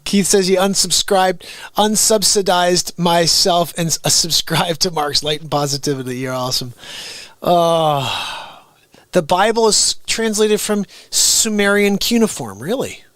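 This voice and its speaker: A man hosting a live stream, ranting comically at his chat, swinging between shouting and hushed asides. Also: on the high side, no room sound. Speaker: livestream host. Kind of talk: comedic live-stream rant.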